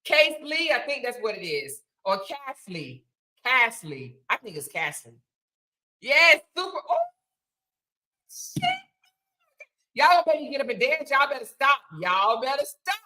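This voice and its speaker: A woman hosting a live stream, reading out viewer super chats, excitable, chanting and shouting thanks, swearing casually and laughing often. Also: on the high side, a little slow, pauses often, rough recording. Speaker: livestream host.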